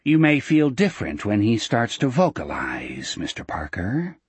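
Guy doing a creepy preacher, low hushed whisper, husky, audiobook. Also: wildly swooping pitch, unhurried, no echo, heavily acted. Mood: menacing. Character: menacing cold male preacher.

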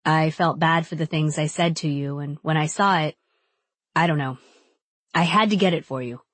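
A woman reading an audiobook and voicing a playful, teasing young man in her own lowered tone. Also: moderate pace, a bit bright, no room sound. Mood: sheepish. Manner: teasing, easygoing. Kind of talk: audiobook character voice.

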